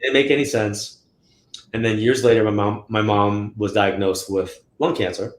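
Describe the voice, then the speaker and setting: A man's voice: lowish voice, normal speed. A man being interviewed as a guest, telling stories casually and acting out quotes in a raised voice. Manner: animated, acts out quotes in a raised voice. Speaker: guest psychic medium. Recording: roomy echo.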